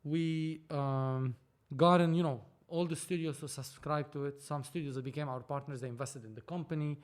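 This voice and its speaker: A man, a film producer and podcast guest, telling a story in animated casual talk, acting out dialogue and swearing freely. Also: on the high side, normal speed. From Lebanon.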